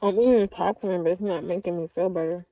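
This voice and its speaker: A woman's voice: fairly low pitch, steady tone, fast talker, no echo, muffled recording. A woman livestreaming in a casual chat, drawling and talking back to her viewers.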